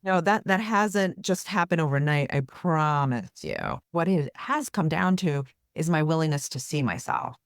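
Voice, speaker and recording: A woman's voice: low voice, lively intonation, normal speed, hardly any pauses, dry recording, clean studio sound. A woman therapist speaking as a guest in an interview, explaining earnestly and often checking in with "right?". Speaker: therapist and author, podcast guest. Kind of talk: conversational interview.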